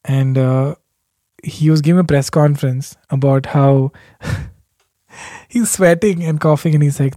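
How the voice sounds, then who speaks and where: A man's voice: a little high, a little slow, pauses often, mellow, dry recording, studio quality. A man hosting a podcast alone, rambling casually with self-deprecating asides and frequent chuckles. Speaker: podcast host. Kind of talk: casual solo podcast chat.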